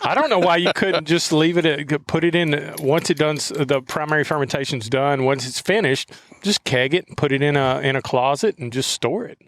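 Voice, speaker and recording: A man's voice: on the high side, moderate pace, fairly bright tone, no room sound. A man co-hosting a casual homebrew podcast, teasing and laughing a lot. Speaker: podcast co-host. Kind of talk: casual chat.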